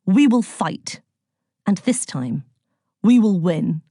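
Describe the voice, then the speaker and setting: A woman voicing a commanding male demon lord of death in a storybook, speaking forcefully and proclaiming. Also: mid-range voice, lively intonation, takes it slowly, no echo, clean studio sound.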